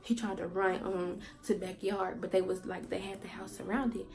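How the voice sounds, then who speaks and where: A woman vlogger telling a personal story in a candid, slangy way, halting with fillers and repeats. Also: medium pitch, flat delivery, rough recording. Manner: candid, slangy, sometimes swearing for emphasis; halting, with many fillers and repetitions.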